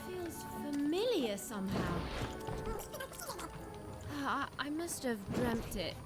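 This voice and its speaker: A woman voicing a wondering young heroine in a video game, soft and musing. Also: sits high, very animated, takes it slowly, full character voice. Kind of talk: voiced game dialogue. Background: game music.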